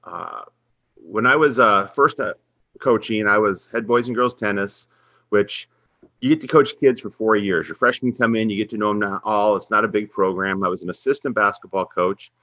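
A man's voice: fairly low pitch, moderate pace, dry recording, muffled recording. A middle-aged man, a basketball coach, telling a personal faith story in an earnest podcast interview. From Minnesota. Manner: earnest, faith-centered storytelling, animated when quoting others. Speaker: head women's basketball coach, guest.

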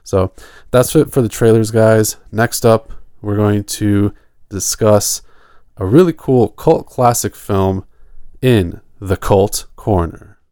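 Low-voiced man, smooth and dry. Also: slow pace, no echo. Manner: relaxed, rambling, laughs often. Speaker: podcast co-host. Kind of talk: casual horror podcast chat.

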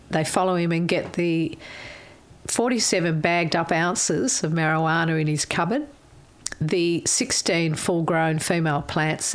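An older Australian woman telling a candid personal story in a frank, wry, salty way, her voice going a little hoarse. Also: on the low side. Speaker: interviewee.

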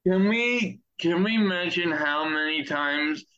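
A man's voice: on the high side, takes it slowly, sharp tone, lo-fi sound. A man co-hosting a podcast in casual chat, hesitant and full of fillers but emphatic. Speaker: podcast co-host.

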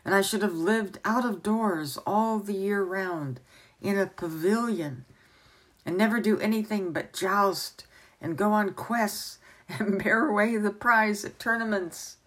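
A woman's voice: mid-range voice, measured pace, voice pushed up, natural voice. A woman voicing an earnest young boy from a storybook who talks eagerly and wistfully.

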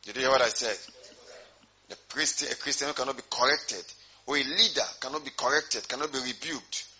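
A man's voice: mid-range voice, a little fast, sharp tone, husky, lo-fi sound. A man preaching a sermon as pastor, repeating his points and putting questions to the congregation.

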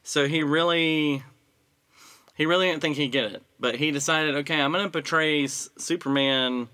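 A man casually telling a story in conversation, easygoing and clearing his throat now and then. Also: fairly high pitch, steady tone, moderate pace, bright, forceful tone. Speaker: podcast co-host telling a story. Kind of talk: casual chat.

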